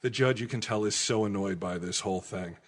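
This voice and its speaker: A man co-hosting a podcast, telling a story in a casual, animated way with plenty of swearing. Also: lowish voice, fairly quick. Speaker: podcast co-host.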